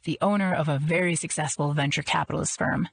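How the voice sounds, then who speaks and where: A woman voicing a suave, wealthy man with a smooth, cultured and dry manner. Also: low-pitched, steady tone, fast talker, exaggerated voice. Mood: dry teasing.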